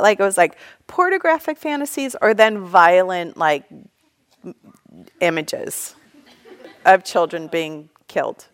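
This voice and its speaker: A woman's voice: on the low side, measured pace, long pauses, clear, resonant tone. A young woman teaching meditation in a casual, candid dharma talk, laughing often and acting out thoughts.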